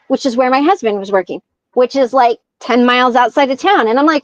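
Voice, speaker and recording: A woman with a high voice tells a story in a lively, chatty way and acts out each person's lines. Her voice sounds dry and close, with a slightly dull, lo-fi quality. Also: fairly quick, no echo. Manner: animated storyteller acting out quoted dialogue. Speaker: podcast guest. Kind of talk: casual storytelling.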